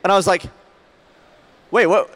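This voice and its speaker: Man, fairly high voice, chatty anecdote teller, casual. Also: fairly even intonation, moderate pace, a bit bright. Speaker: podcast regular. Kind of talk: casual storytelling.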